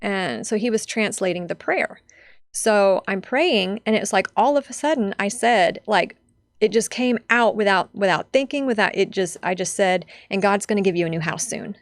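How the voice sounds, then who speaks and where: A woman's voice: medium pitch, lively intonation, moderate pace, no echo. A young adult woman telling a personal story as a podcast guest, heartfelt and chatty with lots of fillers.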